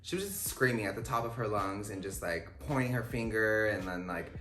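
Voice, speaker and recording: A young man, a guest, telling a story in casual chat, animated and expressive with lots of fillers. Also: fairly low pitch, a little fast, faint music behind. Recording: echoey room.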